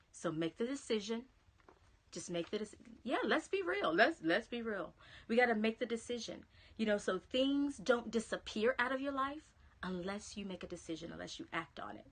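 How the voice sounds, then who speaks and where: A motivational speaker with a Southern American accent gives an encouraging pep talk over a phone or webcam live stream, chatting with viewers and dropping to a whisper on key phrases. Her voice is a little high, animated, and fairly bright, at normal speed.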